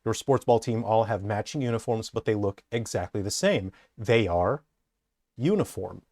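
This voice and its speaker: Man, low voice, dry sound, enthusiastic, hesitant design commentary. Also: brisk, dark tone, no echo. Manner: enthusiastic, rambling, many hesitations. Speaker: character designer. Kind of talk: casual commentary breakdown.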